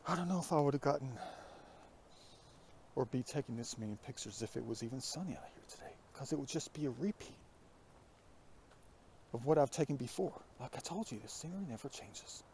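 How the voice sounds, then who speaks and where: A man vlogging outdoors on a foggy hillside, talking in a hushed, often half-whispered, reflective way into a phone headset mic. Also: mid-range voice, lively intonation, brisk, pauses often, a little hiss or hum. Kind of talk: musing outdoor vlog. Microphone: iPhone with plugged-in headset.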